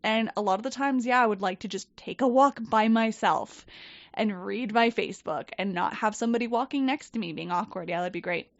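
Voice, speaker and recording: A woman telling a story in casual chat, animated and swearing, acting out quoted people. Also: medium pitch, brisk, gravelly, dry recording. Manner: animated, profane, quotes people in lively voices. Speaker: podcast guest. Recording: dull, dry podcast mic.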